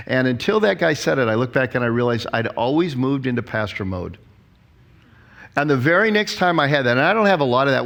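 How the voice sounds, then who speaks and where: Pastor guy in his 60s giving a talk, tells lots of stories, acts out quotes, pretty lively. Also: mid-range voice. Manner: storytelling, animated, acts out quotes.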